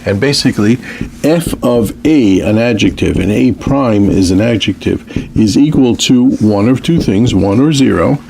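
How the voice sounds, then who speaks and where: A man's voice: lowish voice, normal speed, vocal fry, a little hiss or hum. A man giving a mathematics lecture, talking casually and checking in often with "okay". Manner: lively, repeats "okay" as a check-in. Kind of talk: math lecture.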